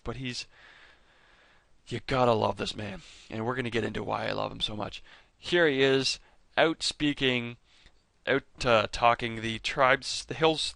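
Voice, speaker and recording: A man's voice: mid-range voice, gravelly, fairly bright tone, no echo. A man hosting a fan video, chatting casually over clips with enthusiasm, rambling and often stopping to correct himself. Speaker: fan video host ranking characters.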